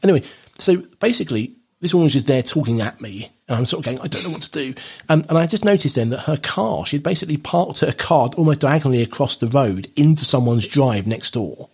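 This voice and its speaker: Wry, husky-voiced man. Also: mid-range voice, expressive, quick pace, few pauses, darkish tone. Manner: dry, wry storyteller with hesitant restarts. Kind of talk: casual chat, telling an anecdote.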